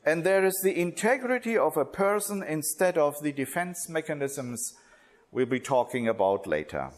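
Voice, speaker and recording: A man speaking slowly and deliberately at a religious workshop, with pauses, restarts and non-native English phrasing. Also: on the high side, big pitch swings.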